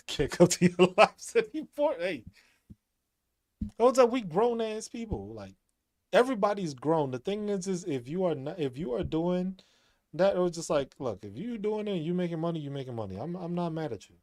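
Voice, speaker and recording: A man's voice: sits high, very animated, brisk, darkish tone, no room sound, studio quality. A man talking casually as a streamer, rambling, repeating himself and laughing often. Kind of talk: casual monologue.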